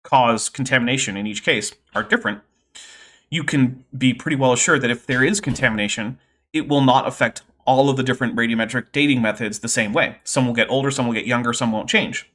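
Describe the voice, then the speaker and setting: Bright-voiced man explaining science. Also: medium pitch, fairly quick. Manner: explanatory, lots of fillers, nerdy asides. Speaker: host. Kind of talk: livestream explainer chat.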